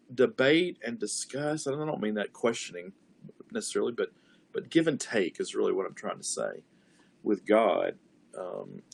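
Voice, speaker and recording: A man leading an online Bible study, reflective and conversational, repeating key words slowly to stress them. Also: on the low side. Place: church streaming an online service.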